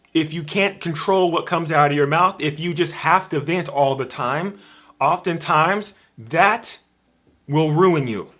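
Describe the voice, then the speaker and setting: A man's voice: a little high, a bit bright. A man giving an informal livestream sermon, emphatic and repeating his key phrases. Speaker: preacher on a livestream.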